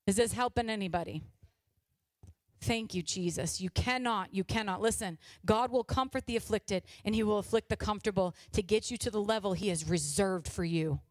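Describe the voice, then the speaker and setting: A woman in her forties, a pastor's wife, preaching a sermon with impassioned exhortation that swings between loud urging and hushed confession. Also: medium pitch, moderate pace, no echo.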